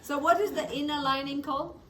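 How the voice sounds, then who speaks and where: A woman's voice: sits high, steady tone, fairly quick. A woman teaching a biology lab, drilling anatomy terms by repetition with short praise. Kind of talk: call-and-response anatomy review. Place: classroom lab. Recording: distant mic with classroom crowd.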